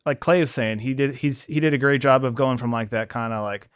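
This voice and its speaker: A man talks candidly in a casual podcast conversation about running his business, and he acts out the people he quotes. His voice is smooth and resonant, and the dry close mic adds no room sound. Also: medium pitch, fairly quick, no room sound. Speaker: podcast host, pressure washing business owner.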